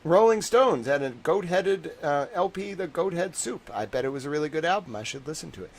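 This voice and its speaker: A man's voice: a little high, expressive, a little fast, a little hiss or hum. A young man hosting a livestream, rambling in casual chat with lots of fillers and wry laughs. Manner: meandering, lots of "like" and "I don't know"; wry, laughs between stories. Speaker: livestream host.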